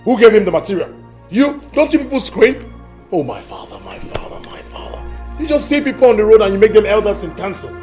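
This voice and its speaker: An arrogant Nigerian prince, lively and a bit high-pitched, scornful and bragging. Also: male voice, fast talker, soft background music. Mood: mocking. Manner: boastful, mocking, shouting out bursts. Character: arrogant young prince grabbing for the throne.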